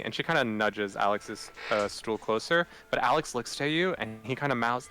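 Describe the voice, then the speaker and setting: A man's voice: mid-range voice, expressive, moderate pace, few pauses, sharp tone. A man narrating as game master in a loose, casual way.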